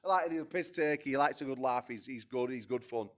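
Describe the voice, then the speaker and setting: A man promoting fights at a press conference, excitable, swearing and stumbling over repeated words. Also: medium pitch, a little fast.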